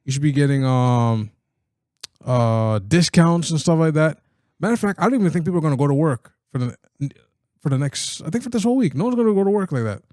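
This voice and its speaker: A man's voice: a little high, expressive, quick pace, darkish tone, dry recording, clean studio sound. A man co-hosting a podcast, joking and laughing through casual sports banter, often repeating his words. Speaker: podcast co-host.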